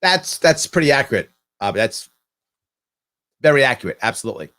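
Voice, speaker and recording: A man's voice: mid-range voice, big pitch swings, fairly quick, bright, forceful tone. A man hosting a livestream, reacting sarcastically to a political speech and answering viewer comments. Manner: sarcastic, talks back at the clip. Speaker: livestream host.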